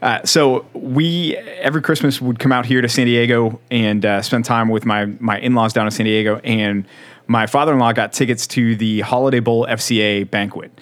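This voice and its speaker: A man's voice: mid-range voice, steady tone, normal speed. A man hosting a casual conversation, telling a funny anecdote in a jovial way and laughing as he goes. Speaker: host.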